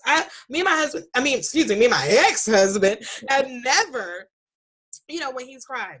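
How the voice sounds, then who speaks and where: A woman in her thirties, a podcast guest, talking candidly about raising her son, animated and leaping high when she quotes him. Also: moderate pace, slightly rough. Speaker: podcast guest, author and speaker. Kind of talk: candid conversational storytelling.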